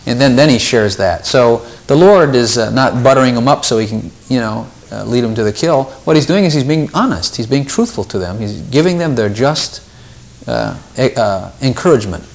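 A man's voice: mid-range voice, expressive, normal speed, vocal fry. A man leading an informal Bible study, talking things through casually, repeating words and lifting his voice when he quotes scripture.

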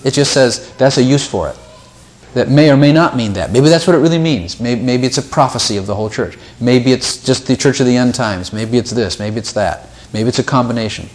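A man's voice: mid-range voice, animated, a little fast, darkish tone. A man leading an informal Bible study, talking things through casually, repeating words and lifting his voice when he quotes scripture.

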